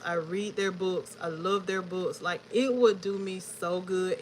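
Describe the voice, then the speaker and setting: A woman's voice: medium pitch, low-quality recording. A woman, chatting casually with viewers on her book livestream. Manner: chatty and relaxed, addresses viewers as y'all. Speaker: book vlogger hosting a livestream. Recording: faint background noise.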